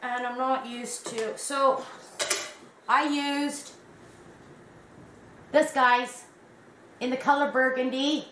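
A woman's voice: high voice, level tone, takes it slowly, long pauses, sharp tone, reverberant, a little hiss or hum. A Canadian woman chatting casually to camera at home, rambling and calling her viewers guys. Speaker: crochet vlogger. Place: at home in a warm room.

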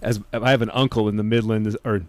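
An American man hosting a podcast in a relaxed, affirming chat, laughing easily. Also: on the low side, fairly quick. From United States. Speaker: podcast host. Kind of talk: casual chat.

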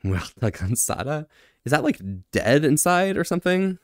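A man's voice: fairly high pitch, big pitch swings, normal speed, dry recording, clean studio sound. A man streaming casually, answering chat, laughing often and trying out phrases in other languages with self-deprecating humor.

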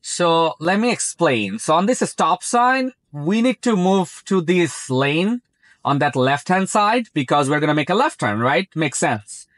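A man's voice: a little high, very animated, measured pace, a bit bright, no echo. A man speaking English as a second language, chatting casually while driving and commenting on his car's self-driving, often repeating "very" and "like". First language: not English. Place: inside a moving car.

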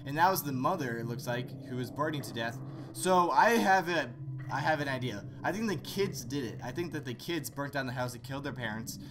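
A man hosting horror let's-play commentary, joking sarcastically and yelling in fright. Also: medium pitch, fairly quick, noisy background. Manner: excitable, jokey, sarcastic, screams in fright. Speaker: gaming channel host.

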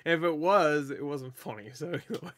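A man's voice: on the high side, expressive, moderate pace, a bit bright. A man hosting a meme reaction video, laughing and swearing as he rambles loosely through clips. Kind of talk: casual reaction commentary.

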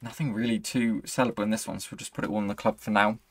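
A man's voice: on the low side, level tone, very fast, slightly rough, no room sound. A young man commentating his own football video game match, swinging between hype and frustration. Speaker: gaming channel host. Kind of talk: live gameplay commentary.

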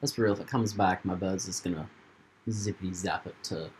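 A gaming channel host plays a video game and offers casual let's-play commentary, laughing and joking playfully. His voice is low-pitched and darkish, fairly quick, with slight background noise.

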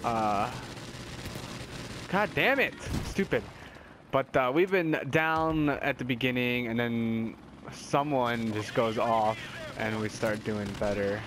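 A man's voice: mid-range voice, slow, noisy background. A young man giving casual gameplay commentary as a gaming YouTuber, swearing and whooping at his kills.

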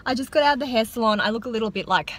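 A young Australian woman in her twenties vlogging casually about her day, chatty and excitable with lots of filler words. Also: on the high side, racing, noisy background. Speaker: beauty vlogger. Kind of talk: casual vlog chat. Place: in a car, then indoors at home.

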